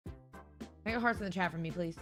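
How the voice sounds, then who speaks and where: A woman's voice: fairly low pitch, a little fast, fairly bright tone, faint music behind. A woman streamer chatting casually with her viewers, rambling, sarcastic and often laughing. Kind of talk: casual live-stream chat.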